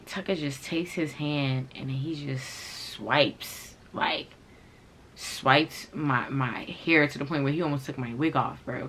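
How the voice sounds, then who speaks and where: Low-voiced woman telling a profane storytime. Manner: animated, profane, slangy storytelling. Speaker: vlogger. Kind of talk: casual storytime.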